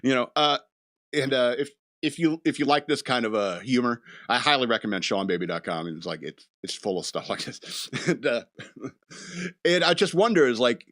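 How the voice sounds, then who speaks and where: A man's voice: mid-range voice, expressive, normal speed, a bit bright. Rambling man hosting a casual chat show. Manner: rambling, chuckles between thoughts, acts out voices. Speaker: podcast host.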